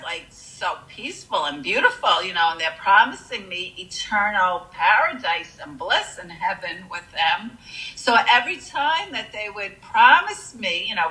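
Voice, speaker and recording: A woman's voice: medium pitch, sharp tone, rough recording. A woman earnestly telling a personal near-death story, with frequent fillers.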